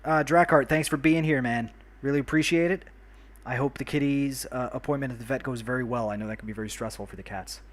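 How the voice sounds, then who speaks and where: Talking quickly in a mid-range voice, this livestream host from New York keeps up easygoing chatter while building a city in a casual game. He's friendly and talkative, calling out viewers by name to say hello and thanks.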